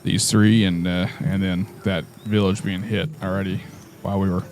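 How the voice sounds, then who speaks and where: A man's voice: low-pitched, level tone, normal speed, a little mellow, slight background noise. A man playing a tribal leader in a tabletop game, speaking earnestly with lots of hesitant fillers. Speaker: player. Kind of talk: in-character tabletop role-play.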